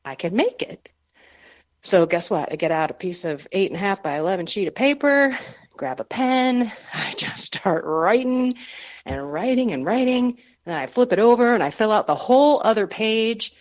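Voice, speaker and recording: A woman guest on a radio interview, telling a personal faith story in an animated, self-deprecating way. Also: mid-range voice, normal speed, highs cut off. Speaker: guest author.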